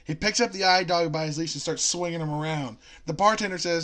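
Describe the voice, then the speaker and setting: Joking young man, higher voice. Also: fairly even intonation, quick pace, fairly bright tone. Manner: laughs often, tells long jokes with voiced characters. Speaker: co-host. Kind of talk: casual chat, telling jokes.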